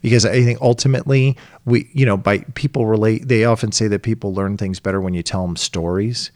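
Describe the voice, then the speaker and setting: A middle-aged man co-hosting a casual podcast, telling lively stories and acting out exasperated voices. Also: on the low side, a little fast, no room sound, clean studio sound. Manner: animated storyteller, acts out exasperated voices. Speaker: podcast co-host.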